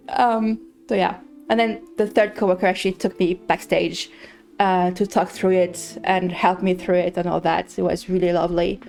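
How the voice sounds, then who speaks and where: A woman's voice: lowish voice, level tone, normal speed, vocal fry, darkish tone, faint music behind. A woman streamer chatting casually while playing a farming game, telling a story with many restarts and repeats.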